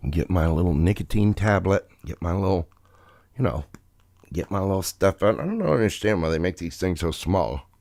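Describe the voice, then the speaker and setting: A man's voice: low voice, lively intonation, moderate pace, a little mellow. A man reading tarot cards on a live stream, chatting with viewers and greeting them by name. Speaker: tarot reader.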